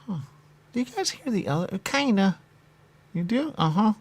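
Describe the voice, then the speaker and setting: A man's voice: sits high, big pitch swings, moderate pace. A man trading absurd, playful comedy banter, with some whispered asides.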